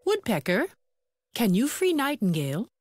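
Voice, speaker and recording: A woman voicing a wise, kind old male owl in a children's storybook, pondering aloud with drawn-out hums. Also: on the high side, wildly swooping pitch, over loud music, voice pushed up.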